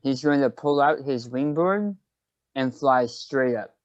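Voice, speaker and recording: A man's voice: mid-range voice, a little slow, dry recording. Man player describing actions on lo-fi chat. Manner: describing his character's actions. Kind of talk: casual tabletop game chat.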